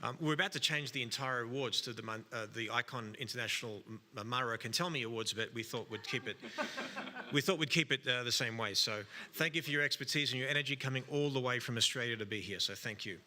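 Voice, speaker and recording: A man's voice: medium pitch, quick pace, pushed and bright. A man moderating a live judging panel, joking and bantering with the judges. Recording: long hall reverb.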